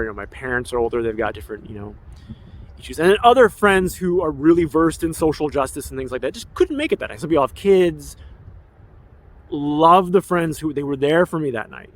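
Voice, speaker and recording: A man in his forties, an activist, delivering an emotional, rambling personal documentary monologue with an aggrieved tone. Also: mid-range voice. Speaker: activist and filmmaker.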